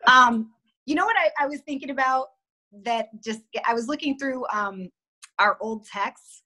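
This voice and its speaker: A woman from Cleveland chats as a guest comedian from home over a video call. Her voice is somewhat high and bright. She tells stories in a giggly, chatty way. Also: moderate pace. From Cleveland, USA. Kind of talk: casual chat.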